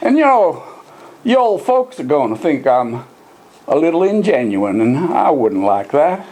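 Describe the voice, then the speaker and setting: Slow, drawling joking man. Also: fairly high pitch, very animated, darkish tone, poor audio. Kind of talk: comic banter.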